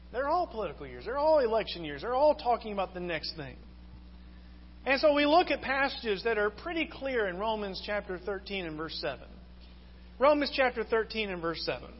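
A high-pitched man preaches earnestly, pressing his listeners with question after question. His voice rings with a long hall echo on a dull, lo-fi recording with a faint hiss behind it. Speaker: pastor. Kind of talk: sermon.

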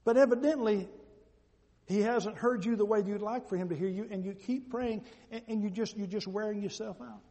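A middle-aged man preaching a sermon to an audience, emphatic and repetitive, swinging between loud declarations and hushed asides. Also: sits high, a little fast. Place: large hall with an audience. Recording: long hall reverb.

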